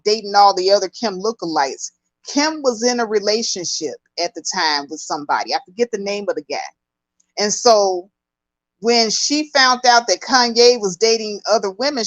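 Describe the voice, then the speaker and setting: Slow-talking woman hosting gossip chat. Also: a little high, a bit bright, no echo, low-quality recording. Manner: emphatic, drawn-out, chatty. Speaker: host. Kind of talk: casual gossip commentary.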